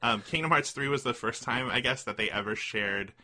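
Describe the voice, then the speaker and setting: A man's voice: medium pitch, brisk, sharp tone. A man chatting casually on a podcast, talkative but hesitant, with frequent ums and restarts.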